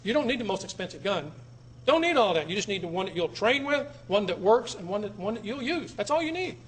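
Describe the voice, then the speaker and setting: Guy with a high voice giving a talk to a room full of people, emphatic, repeats himself a lot. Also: sing-song, fast, slight background noise. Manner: emphatic, repeats words, swings from loud to low. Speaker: speaker addressing an audience. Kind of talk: public talk. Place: room with a live audience.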